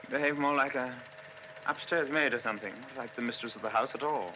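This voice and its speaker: A man's voice: mid-range voice, fast talker, noisy background, natural voice. A man playing a brusque, teasing rich husband. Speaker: husband, master of the house. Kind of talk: 1940s film acting. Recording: dull 1940s film soundtrack with faint music.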